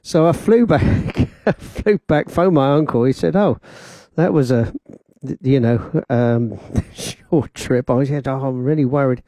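Speaking into a studio mic with headphones on, this radio host tells a casual, meandering personal story, laughing and acting out other people's lines. His voice is warm and medium-pitched, a little slow, with no room sound.

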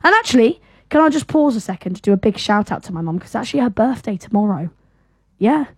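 A young woman co-hosting a live radio show, chatting enthusiastically and dropping into softer asides. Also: a little high, sing-song, fast talker, breathy edge, no room sound. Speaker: radio co-host. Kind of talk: casual radio chat.

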